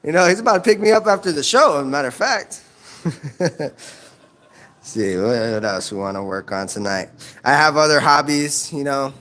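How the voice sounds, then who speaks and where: High-voiced profane stand-up comedian. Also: male voice, animated, normal speed, long pauses, a bit bright. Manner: profane, laughs at his own jokes. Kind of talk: stand-up set. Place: comedy club stage.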